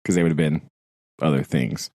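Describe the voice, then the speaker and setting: A man's voice: a bass voice, warm tone, no echo, low-quality recording. A man co-hosting a podcast, chatting casually and animatedly about a novel, laughing often and quoting characters. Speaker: podcast co-host. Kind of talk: casual book discussion.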